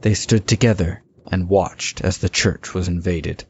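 A man giving steady, scripted story narration. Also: deep voice, measured pace, husky. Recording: dull lo-fi recording.

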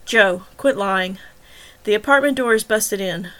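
A woman's voice: mid-range voice, moderate pace, a bit bright, close to an everyday voice. A woman reading the lines of a worried middle-aged male detective, blunt and pressing in an interrogation. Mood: angry.

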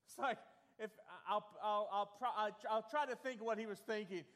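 A man preaching a sermon to a congregation, questioning them directly and building from quiet explanation to fervent, emphatic delivery. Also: high-pitched, moderate pace. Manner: preaching with rising intensity, asks the congregation to raise hands. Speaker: pastor. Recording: long hall reverb.

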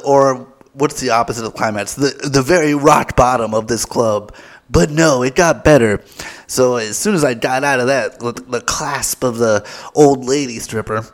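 Brief: male podcast host, middle-pitched, rambly comic storyteller, loose and self-mocking. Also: normal speed. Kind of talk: comedic storytelling.

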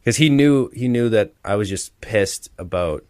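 A man's voice: fairly low pitch, animated, moderate pace, a little mellow, dry recording. A young man in his twenties telling stories in a loose, laughing way, full of fillers, during a casual chat. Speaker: podcast co-host, former college hockey player.

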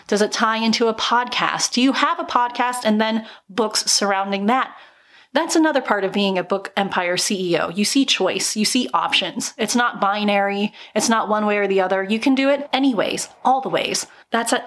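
A woman's voice: mid-range voice, fairly bright tone. A woman in her thirties hosting a solo podcast, talking upbeat and encouraging with little laughs between thoughts. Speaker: podcast host. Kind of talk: motivational solo podcast talk.

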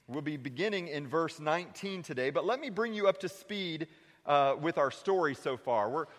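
A man preaching a sermon in a church, shifting between lively questions and hushed, heavy confessions. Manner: preaching with dramatic voice shifts, dropping low and quiet for confessions. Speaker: pastor. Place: church sanctuary. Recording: long reverb of a sanctuary.

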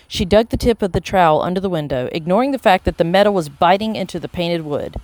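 An audiobook narrator reading a children's chapter book in a steady, even voice. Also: medium pitch, quick pace, few pauses, no echo. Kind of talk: scripted storybook narration.

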